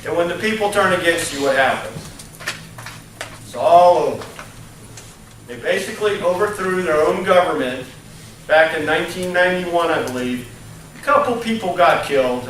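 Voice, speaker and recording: A man's voice: on the high side, a bit bright, slight background noise. A male college lecturer giving a conversational classroom lecture, tagging his points with "okay?" and "right?", recorded on a distant mic in an echoey classroom. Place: lecture room.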